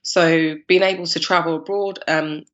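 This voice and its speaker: A deep-voiced woman in her thirties from East London, England, speaking with a London accent, tells her story as a podcast guest and founder of a cupcake business. She's animated and laughing at normal speed, acting out her past self in quotes, though the recording sounds muffled.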